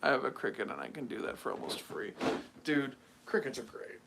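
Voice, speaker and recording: Heavy background noise surrounds this young American livestream host, who talks briskly in a mid-range voice with vocal fry. He rambles casually through lots of fillers in an animated, mocking way.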